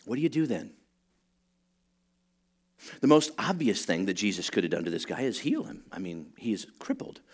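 Animated storytelling male pastor. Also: on the low side, moderate pace, long pauses, breathy edge. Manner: animated storytelling, acts out voices, humorous asides. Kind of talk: sermon.

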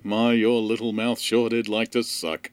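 A man playing a deep-voiced crude mum. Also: little pitch movement, a little slow, clean tone, no echo, lightly acted. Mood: doting crude. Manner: doting, oversharing, crude homespun talk. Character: deep-voiced crude mother of an adult woman. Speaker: mother on the phone.

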